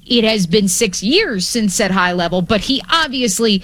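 A woman hosting sports radio talk, brisk and playful with wordplay, on a studio microphone. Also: medium pitch, expressive, a bit bright.

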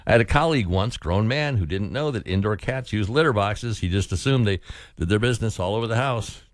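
A man's voice: fairly low pitch, a little fast, dry recording, studio quality. A man from Cleveland, Ohio, hosting a morning radio show, chatting casually and laughing often. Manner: laughs often, animated delivery.

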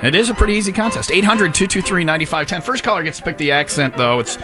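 Lively high-voiced radio host man. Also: over music. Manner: joking, quick, laughs often. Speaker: radio morning show host. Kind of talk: casual radio banter. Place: radio studio. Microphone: studio mic.

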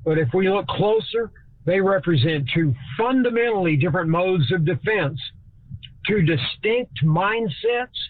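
A man's voice: sits high, lively intonation, no echo, phone-quality sound. A man from Texas, giving a folksy, speech-like scripted talk as host. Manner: folksy speech-like delivery, shifts between slow and fast.

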